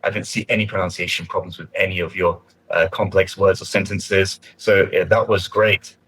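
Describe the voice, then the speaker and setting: A man giving spoken feedback on a mock speaking test, encouraging and conversational, often pausing and restarting his sentences. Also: low voice, flat delivery, a bit bright, slightly rough, no echo, poor audio.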